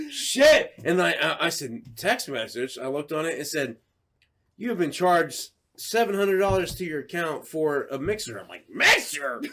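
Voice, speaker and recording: A man's voice: fairly high pitch, gravelly, background noise. A man on a podcast telling a funny story in a casual way, swearing and acting out his own lines with laughter. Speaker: podcast co-host.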